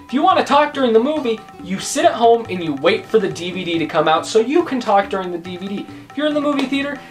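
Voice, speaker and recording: Animated young woman ranting, high-pitched. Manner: exasperated, emphatic, repeats her points. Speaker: YouTube host. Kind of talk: comedic vlog rant.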